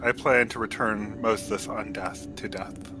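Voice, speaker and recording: A man's voice: lowish voice, fairly even intonation, normal speed, noisy background, natural voice. A man voicing an earnest, zealous male adventurer who talks formally and self-assuredly about destroying evil. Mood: righteous. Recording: music in background.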